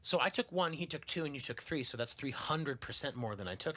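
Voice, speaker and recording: A man hosting a podcast in casual chat, telling swearing, animated stories and acting out quotes. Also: fairly high pitch, brisk, few pauses. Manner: profane, animated storytelling with put-on quotes. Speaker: podcast host.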